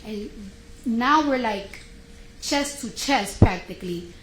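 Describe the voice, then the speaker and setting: A woman on the witness stand tells her side in a lively, storytelling manner, acting out each exchange. Her voice sits a little high and rings in an echoey courtroom. A faint hiss runs underneath. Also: slow. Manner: animated storytelling, acting out quotes. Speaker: witness testifying. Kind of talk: courtroom testimony.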